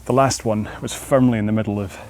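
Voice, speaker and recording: A man's voice: on the low side, steady tone, fast talker, a little mellow, slight background noise. A man coaching a follow-along rowing workout outdoors, chatting in a rambling, friendly way with self-deprecating asides.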